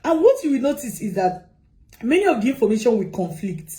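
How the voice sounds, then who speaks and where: Animated woman consultant. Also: fairly high pitch, a little fast, low-quality recording. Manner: animated, repeats points, asks rhetorical questions. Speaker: migration consultant. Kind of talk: advice talk to camera.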